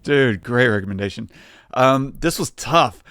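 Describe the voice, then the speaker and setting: A man co-hosting a film podcast, talking in a relaxed, casual way with plenty of fillers. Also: mid-range voice, unhurried, no room sound, studio quality. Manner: relaxed, lots of fillers and laughs. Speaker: podcast co-host. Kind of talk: casual chat.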